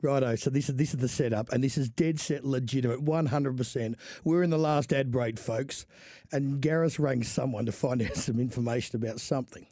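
An Australian man co-hosts a racing radio show in a rambling, animated way. His voice is mid-pitched and comes over a dry, close studio mic. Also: brisk, dry recording. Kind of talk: casual radio banter.

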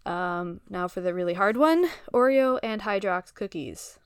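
A woman's voice: mid-range voice, measured pace, clean tone, no room sound, studio quality. A woman hosting a trivia quiz, reading out answers plainly and laughing easily between them. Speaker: quiz host.

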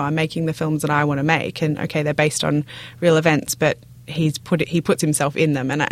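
An Australian woman chatting as a guest on a film review podcast, laughing easily and restarting her sentences. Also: low voice. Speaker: guest critic. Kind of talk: casual podcast chat.

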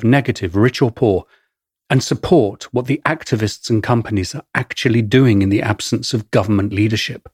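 A man with an English accent narrates his own memoir in a wry, measured storytelling manner. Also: on the low side, breathy edge, dry recording, clean studio sound. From England. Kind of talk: first-person memoir narration.

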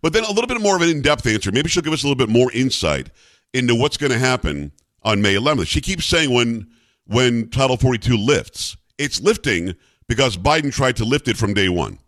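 Male talk host, sarcastic political commentary, lively swooping pitch, dry studio sound. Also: a little fast, no room sound. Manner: sarcastic, animated.

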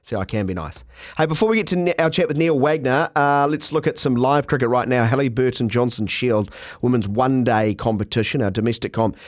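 A man hosting a cricket podcast in casual, animated, self-mocking chat. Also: medium pitch, brisk, hardly any pauses, dry recording.

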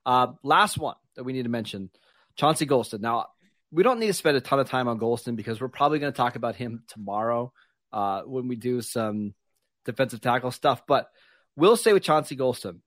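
A man co-hosting a football podcast, giving brisk, decisive opinions in casual talk. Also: mid-range voice, expressive, a bit bright, dry recording. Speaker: podcast co-host.

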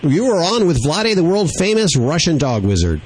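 A man hosting a call-in radio show, friendly and brisk as he reads contact details and takes callers. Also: fairly high pitch, big pitch swings, a little mellow, slight background noise. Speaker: radio host.

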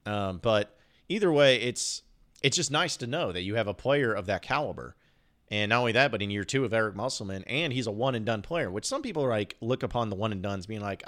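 Male sports podcast host with a lowish voice. Loose, rambling monologue with joking asides. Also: lively intonation, brisk, a bit bright.

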